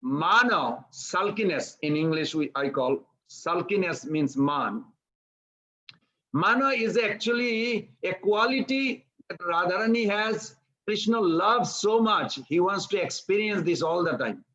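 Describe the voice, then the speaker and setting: A man giving a devotional sermon, telling a story in an animated way and acting out its characters. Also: high voice, measured pace, highs cut off. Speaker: preacher.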